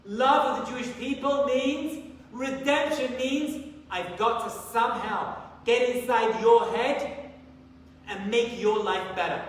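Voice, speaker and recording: High-pitched rabbi preaching, acts out the story, far from the mic in a big echoey hall w/ faint room noise. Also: male voice. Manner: animated storyteller, acts out dialogue. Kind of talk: sermon with storytelling.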